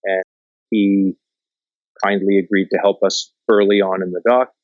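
Low-voiced man telling stories, dry and muffled. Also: measured pace, no room sound. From Canada. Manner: animated, swears freely, acts out quotes. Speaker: documentary filmmaker. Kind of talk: casual storytelling in conversation.

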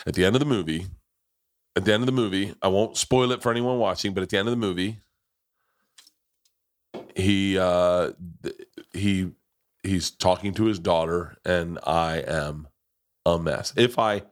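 A man's voice: low voice, moderate pace, long pauses. A middle-aged man hosting a podcast, telling stories in a boisterous, profane, casual way. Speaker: podcast host.

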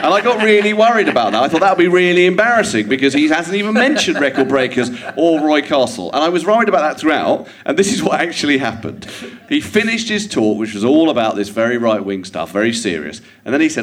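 Animated English comedian telling a story. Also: male voice, on the high side, fast talker. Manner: animated storyteller who acts out quotes, builds to punchlines. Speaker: comedian guest. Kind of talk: anecdotal storytelling to a live audience. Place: theatre stage with live audience.

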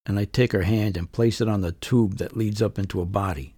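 A man's voice: lowish voice, fairly even intonation, brisk, few pauses, warm tone, husky, dry recording, clean studio sound. A middle-aged man hosting a podcast, telling a first-person story in a wry, conversational way. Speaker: podcast host and narrator.

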